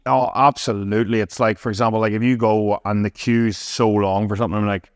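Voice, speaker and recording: A man chats as a podcast guest, rattling through anecdotes at a brisk clip and swearing freely. His voice sits fairly low, and the sound is close and dry with little room echo. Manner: fast, animated storytelling with frequent swearing. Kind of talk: casual chat.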